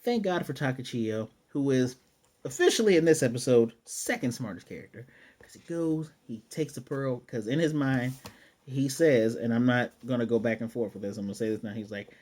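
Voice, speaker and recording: Male anime reviewer, mellow husky tone, energetic slangy recaps. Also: medium pitch, moderate pace. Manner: excitable, slangy, swears, acts out scenes. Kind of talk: casual episode review.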